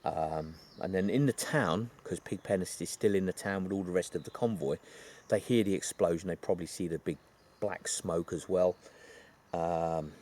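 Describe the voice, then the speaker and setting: A man's voice: sits low, normal speed, a little mellow. A man retelling a film plot in a rambling, chatty way, full of asides. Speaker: film reviewer.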